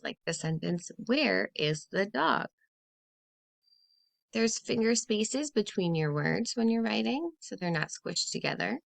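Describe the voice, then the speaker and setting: A woman teacher talks young children through a phonics lesson, spacing each word slowly and clearly. Her pitch moves a lot, and her voice has a touch of gravelly fry. The recording is dry and close, with no room sound. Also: fairly bright tone, no echo. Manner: slow, clearly spaced, encouraging teacher voice.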